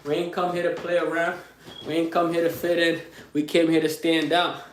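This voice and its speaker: A man giving a loud, preachy motivational pep talk in his small home gym, repeating his lines and calling to his viewers. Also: on the high side, flat delivery, moderate pace, slight background noise. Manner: loud and preachy, repeats phrases, says y'all a lot. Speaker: motivational live streamer. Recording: very echoey room, mic far off.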